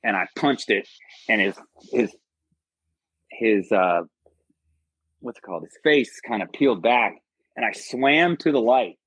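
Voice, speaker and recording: A man's voice: fairly low pitch, lively intonation, measured pace, long pauses, fairly bright tone, husky, no room sound. A man from the United States, a podcast guest and army veteran, telling a personal story in a rambling, profane, earnest way. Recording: dull lo-fi podcast audio.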